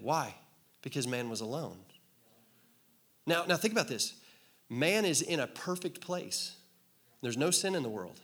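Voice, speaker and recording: A male pastor delivers a sermon with a slightly higher than usual voice. He talks to his congregation in a loose, joking way and keeps drawing answers out of the room. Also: animated, a little slow, long pauses, fairly bright tone. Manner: conversational, joking, asks the crowd to respond. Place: church hall with congregation.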